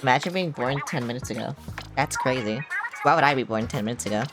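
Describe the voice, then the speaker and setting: A young woman with a notably low, dark-toned voice streams a video game. She rambles casually, swears freely and reacts with dramatic exclamations. Game music plays clearly under her voice. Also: fast. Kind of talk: casual gaming livestream chat. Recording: music playing over the voice.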